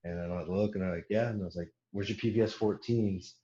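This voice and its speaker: A man's voice: low voice, fast, roomy sound, muffled recording. A young man telling a long war story in casual podcast chat, swearing often and laughing as he acts out what others said. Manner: profane, laughing, quotes others in animated bursts.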